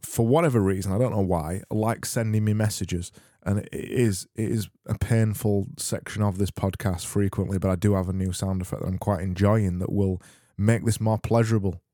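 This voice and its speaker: Deadpan podcast host. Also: male voice, on the low side, normal speed, dry recording, studio quality. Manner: deadpan, rambling and self-mocking, with stumbles. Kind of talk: comedic podcast monologue.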